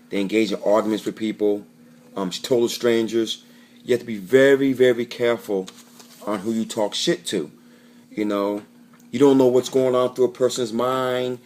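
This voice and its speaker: A man's voice: medium pitch, a little mellow. A man telling a rambling, profane story straight to camera in a casual vlog, often correcting himself as he goes. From Florida. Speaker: vlogger.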